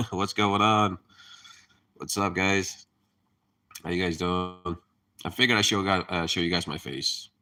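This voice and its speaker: Deep, bright-toned man rambling on a live stream. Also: steady tone, a little slow, long pauses. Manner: rambling, laughing, cursing freely; hyper, chatty. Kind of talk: casual live-stream chat.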